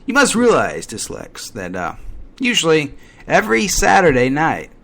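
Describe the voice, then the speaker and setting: A man's voice: fairly high pitch, huge pitch swings, normal speed, vocal fry, fairly bright tone. A man hosting an internet radio show from home, rambling through a casual, irreverent, gossipy monologue with mock-dramatic asides. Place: at home during a thunderstorm.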